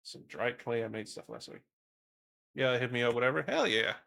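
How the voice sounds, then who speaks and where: A man's voice: medium pitch, level tone, brisk, vocal fry, fairly bright tone. A young man from the Netherlands with a Dutch accent, chatting casually on a stream and rambling while reading chat. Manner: rambling, swears casually, reads chat aloud.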